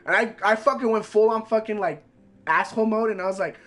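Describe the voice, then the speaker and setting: A streamer with a high male voice tells a story loosely, swearing constantly. His delivery is animated and rambling, packed with fillers. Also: quick pace. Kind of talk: casual storytelling.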